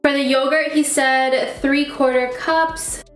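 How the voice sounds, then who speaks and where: High-voiced, stuffy-nosed woman vlogger. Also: fairly even intonation, slow pace, soft background music. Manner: chatty and upbeat, with frequent fillers. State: stuffy nasal voice from a cold. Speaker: cooking channel host. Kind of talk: casual chatty vlog. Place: home kitchen. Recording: echoey kitchen.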